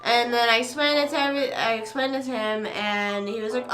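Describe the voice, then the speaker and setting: A young woman streamer chatting casually, rambling through a story with quick asides. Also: on the high side, fairly even intonation, a bit bright. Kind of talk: casual chat. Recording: echoey room with faint music.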